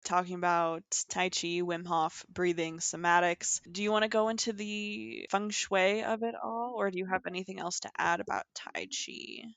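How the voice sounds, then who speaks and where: A woman's voice: on the low side, steady tone, moderate pace, gravelly, few pauses, fairly bright tone, no room sound. A young woman co-hosting a podcast, chatting casually in a playful, teasing, sarcastic way. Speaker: podcast co-host. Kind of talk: casual chat.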